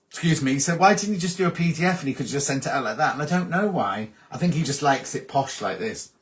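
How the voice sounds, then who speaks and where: A man hosting a casual live-stream chat, reading out viewer comments and answering them one by one. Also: fairly high pitch. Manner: chatty, reads out comments and answers them warmly. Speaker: host.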